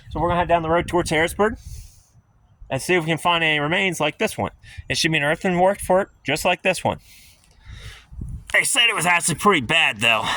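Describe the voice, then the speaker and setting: A man's voice: a little high, bright, forceful tone, a little hiss or hum. A man from central Pennsylvania giving a casual, joking walking-tour vlog outdoors on a hill. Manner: chatty, joking, loosely rambling. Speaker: history vlogger. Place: outdoors on a hilltop park.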